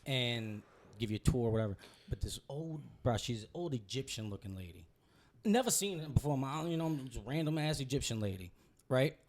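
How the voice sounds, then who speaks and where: A young man, a guest comedian telling a loose, profane story while high. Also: expressive, brisk. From Louisiana. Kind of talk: casual storytelling.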